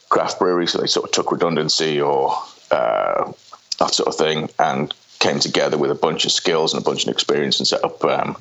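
Very deep-voiced Merseyside man. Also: a bit bright, dull audio. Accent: Merseyside English. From England. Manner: rambling, hesitant, many fillers. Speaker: podcast guest, former brewer. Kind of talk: casual interview chat.

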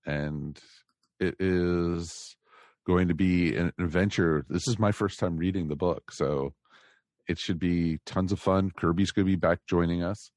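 American man, podcast host, very deep voice, rambling casual chat, dry close sound. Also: steady tone, measured pace, a little mellow, no echo. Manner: rambling, many fillers.

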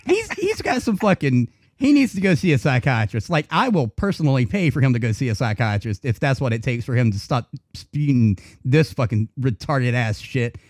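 A man's voice: medium pitch, big pitch swings, normal speed, hardly any pauses, no echo. A man co-hosting a podcast, ranting heatedly with heavy swearing in casual chat. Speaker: podcast co-host.

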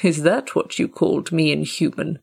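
A woman's voice: low voice, vocal fry, darkish tone, breathy edge, exaggerated voice. A woman voicing a regal old tomcat. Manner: slow, grave and commanding. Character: regal old male great cat, proud and stately.

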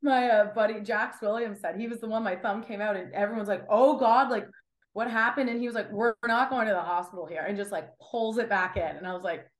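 A woman's voice: mid-range voice, fast talker, hardly any pauses, roomy sound. A young woman in her twenties, a wrestler guest chatting casually and acting out quotes. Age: 20s. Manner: chatty, animated, acts out quotes. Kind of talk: casual interview chat.

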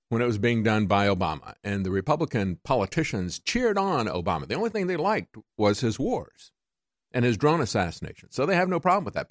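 A man's voice: medium pitch, no room sound, studio quality. A man hosting a talk radio show, delivering a combative, sarcastic monologue that keeps climbing to indignant peaks.

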